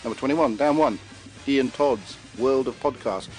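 Jokey podcast host, faint music. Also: male voice, mid-range voice, normal speed, darkish tone, low-quality recording. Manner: jokey, laughs often, stumbles over words. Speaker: podcast host reading the chart. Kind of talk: casual podcast chat.

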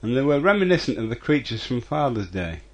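A man's voice: mid-range voice, big pitch swings, a little fast, lo-fi sound. A man reading out a listener's audio message to a podcast, going through his notes point by point. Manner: reads notes in a list-like way. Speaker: listener sending audio feedback.

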